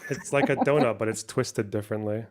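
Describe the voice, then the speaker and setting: A man's voice: on the low side, brisk. A Scottish man on a live stream who teases the others in a dry, casual way and swears freely. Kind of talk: casual chat.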